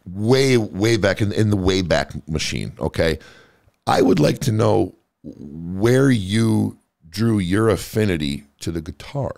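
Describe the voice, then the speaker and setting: Male podcast host, low gravelly voice, lively profane storyteller. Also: dry recording, studio quality. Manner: animated storytelling, swears freely. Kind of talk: casual interview chat.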